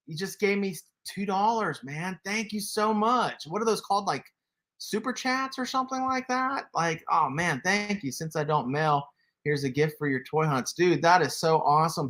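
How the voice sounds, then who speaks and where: A man's voice: a little high, a bit bright. A man, casually hosting a toy livestream, laughing often and reading chat aloud. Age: 40s. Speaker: toy collector livestream host.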